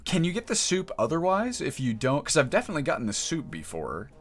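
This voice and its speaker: A man's voice: fairly high pitch, huge pitch swings, fast, husky. A man streaming live in casual chat, rambling and emotional, often breaking off mid-sentence. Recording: music playing in the background.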